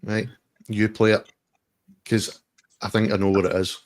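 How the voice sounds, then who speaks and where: Man, podcast host, low voice, swears a lot, dry close sound. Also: flat delivery, measured pace, no echo. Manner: swears freely, chatty. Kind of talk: casual banter.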